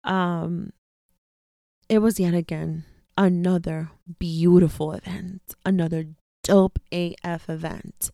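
A woman's voice: fairly low pitch, fairly even intonation, slow, vocal fry, warm tone, dry recording, clean studio sound. A woman hosting her own podcast, talking candidly and casually, repeating phrases for emphasis. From daughter of immigrant parents. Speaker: podcast host. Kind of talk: casual personal monologue.

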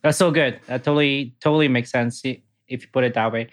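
A man's voice: mid-range voice, steady tone, quick pace. A man hosting a podcast who asks his questions casually and laughs easily. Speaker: podcast host.

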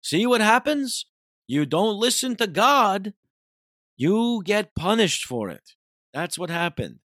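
A man's voice: high-pitched, very animated, slow, a bit bright, dry recording, studio quality, voice pushed up, heavily acted. A man imitating a pompous older priest who lectures a congregation in a sing-song, mocking way. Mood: preachy. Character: pompous older male priest preaching to children.

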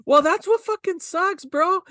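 A man's voice: very high voice, unhurried, pushed and bright, no echo. A man co-hosting a podcast, chatting casually and profanely about an old movie, laughing and acting out the lines. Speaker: podcast co-host.

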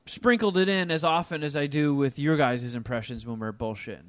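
A young man co-hosting a podcast in loose, profane banter, his voice sitting a bit high. The sound is dry and close on the mic. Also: brisk, fairly bright tone, dry recording. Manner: loose, profane, reads listener emails. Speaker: podcast co-host. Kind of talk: casual chat.

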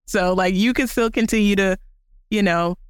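Co-host for a casual chat show, expressive and quick to laugh, on a dry close mic. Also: medium pitch, clean tone, dry recording. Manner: laughs often, loose and expressive. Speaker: podcast co-host.

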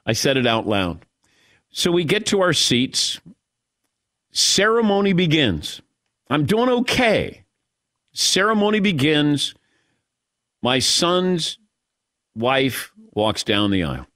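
A middle-aged man hosting sports talk radio, spinning a story with a lively, swooping pitch. He jokes at his own expense, and the sound is dry and close to the microphone. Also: takes it slowly, pauses often, dry recording. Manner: animated storytelling, self-mocking, emotional. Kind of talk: casual radio monologue.

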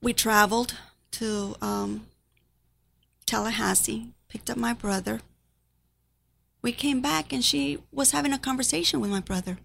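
This is a middle-aged woman telling a personal testimony, her voice carrying a rough, creaky edge. She speaks slowly and deliberately, earnest and steeped in grief as she reflects on her family. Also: a little high, fairly bright tone.

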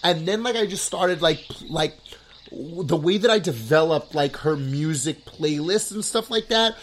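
A man's voice: on the high side, moderate pace, a little hiss or hum. Gushing, rambling male podcast host. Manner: rambling, filler-heavy, loads of "like"; excitable, gushing. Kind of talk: casual chat.

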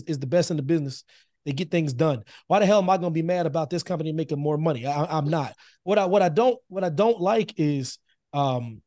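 High-voiced emphatic podcast man, dry sound. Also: darkish tone, no room sound. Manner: emphatic, repeats phrases to hold the floor. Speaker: podcast co-host. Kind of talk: casual podcast chat.

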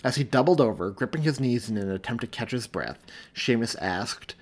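A man, the author, reading his own story aloud in a measured, steady audiobook narration. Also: mid-range voice.

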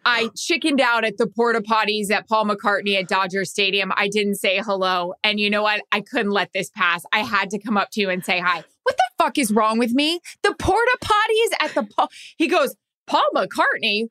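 Animated, bright-voiced woman telling stories. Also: medium pitch, fairly quick, hardly any pauses, clear, resonant tone, dry recording, clean studio sound. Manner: animated, self-deprecating, acts out quotes. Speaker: podcast co-host. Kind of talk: casual chat, storytelling.

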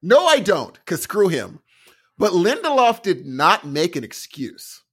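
A man co-hosting a podcast, chatting casually and telling animated stories, acting out what other people said. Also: sits high, measured pace, slightly rough. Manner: animated storytelling, acts out quoted voices. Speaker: podcast co-host. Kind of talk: casual chat.

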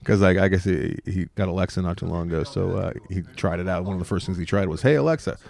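A man's voice: low-pitched, flat delivery, quick pace, vocal fry, darkish tone. A man co-hosting a podcast in casual chat, rambling and filling his talk with "like". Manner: rambling, heavy on filler words. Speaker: podcast co-host.

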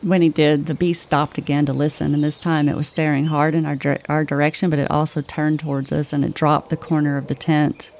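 A woman co-hosting a podcast, telling a spooky story in a slow, measured way. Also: low-pitched. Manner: slow, measured, flat delivery. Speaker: podcast co-host. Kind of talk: spooky campfire-style storytelling.

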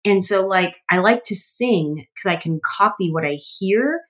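Woman comedian, podcast guest, animated anecdotes with voiced quotes. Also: medium pitch, unhurried. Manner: animated storytelling, acts out quotes. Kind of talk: casual interview chat.

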